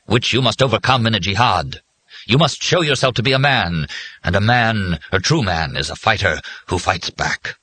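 A man voicing an elderly male machine confessor that speaks slowly and intones its advice, in an audiobook reading. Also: low voice, huge pitch swings, slightly rough, dry recording, full character voice. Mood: stern. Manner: slow, intoning, shifting from gentle to stern.

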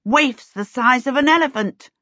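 Brief: bossy teen witch girl, high and sharp, storybook reading, played by a woman. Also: moderate pace, dry recording. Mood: exasperated. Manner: sharp and exasperated. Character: impatient, bossy teenage girl apprentice witch. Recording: dry, slightly dull recording.

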